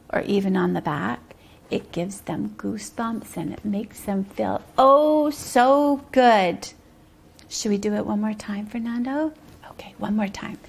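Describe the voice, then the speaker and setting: A woman teaching a preschool circle-time lesson, speaking in a slow sing-song way and stretching out rhymes and syllables. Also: medium pitch, vocal fry, slightly rough.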